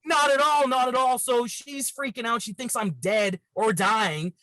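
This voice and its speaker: A man's voice: very high-pitched, fairly even intonation, a little slow, a loud crowd, poor audio. A young man from Canada, a podcast guest, telling a story in a chatty way, full of fillers like "like" and acting out the voices of the people in it. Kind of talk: casual storytelling.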